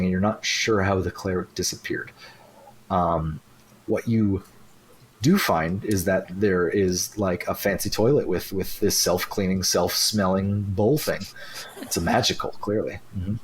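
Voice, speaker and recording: Young guy game master, low husky voice, stumbles and restarts a lot. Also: poor audio. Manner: halting, many restarts and fillers. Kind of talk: narrating a tabletop game.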